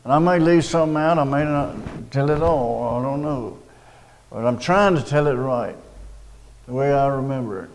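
An older man, telling a personal story of faith in a rambling, halting way with many restarts. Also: mid-range voice, long reverb tail, low-quality recording. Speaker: storyteller recounting a personal witness. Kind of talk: casual spoken testimony.

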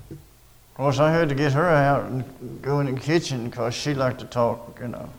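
An older man, telling a personal story of faith in a rambling, halting way with many restarts. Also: mid-range voice, gravelly, big-room sound, low-quality recording. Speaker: storyteller recounting a personal witness. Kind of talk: casual spoken testimony.

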